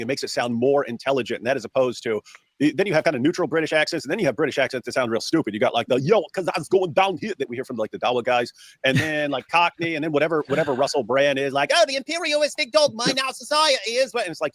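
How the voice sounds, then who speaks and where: A man's voice: medium pitch, a bit bright, no echo. An American man co-hosting a reaction stream, rambling casually with many restarts and fillers. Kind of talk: casual panel chat.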